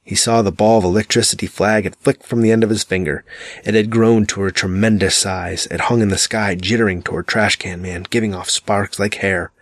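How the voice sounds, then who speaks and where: Low-voiced man reading a dark novel. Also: fairly even intonation, a little fast, dry recording. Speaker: audiobook narrator. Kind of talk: scripted narration.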